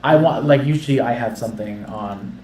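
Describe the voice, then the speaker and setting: A man's voice: medium pitch, dark tone, slight background noise. Man hosting a livestream from a roomy space. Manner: instructing, quick bursts of talk. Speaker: livestream host. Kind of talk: casual behind-the-scenes setup chat. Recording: roomy distant mic with faint ambience.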